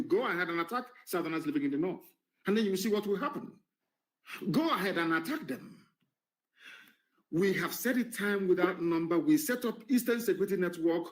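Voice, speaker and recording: A man delivering an impassioned political broadcast to his followers. He speaks in an emphatic, defiant way, repeats phrases and pauses with "should I say". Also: on the high side, low-quality recording. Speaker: political leader addressing followers.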